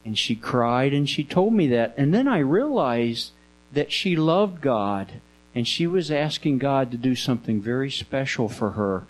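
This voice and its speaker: Gentle man storytelling to children. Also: mid-range voice, expressive, low-quality recording. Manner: gentle, coaxing, drawn-out storytelling with repeated phrases and prompts to children. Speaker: children's Bible teacher. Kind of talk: first-person Bible storytelling to children. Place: indoor room with children present.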